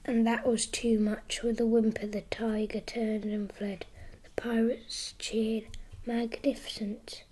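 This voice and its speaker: A woman reading a children's story aloud in a soft, unvoiced ASMR whisper. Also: on the high side, flat delivery, measured pace, a little hiss or hum, low-quality recording.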